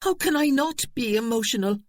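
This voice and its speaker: A man voicing an emotional, distressed young gentlewoman in a storybook reading. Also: high voice, expressive, fast, husky, no room sound, clean studio sound, voice pushed up. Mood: pleading. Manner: pleading, emotional.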